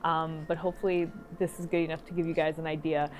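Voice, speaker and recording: A woman's voice: deep voice, little pitch movement, fast, slight background noise. Hesitant, apologetic woman doing a tutorial. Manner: apologetic, hesitant, with frequent ums. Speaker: wig tutorial host. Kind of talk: casual tutorial talk.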